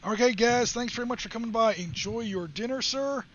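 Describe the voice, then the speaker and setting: A man's voice: very high-pitched, a little fast. A man hosting a live wargame stream, chatting, joking and explaining rules in a casual way. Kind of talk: casual chat while explaining game rules. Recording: slightly dull stream audio with faint hiss.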